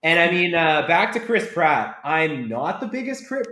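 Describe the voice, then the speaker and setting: A man guesting on a casual movie podcast, an animated storyteller who acts out film scenes in funny voices. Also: fairly high pitch, normal speed, echoey room. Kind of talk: casual chat.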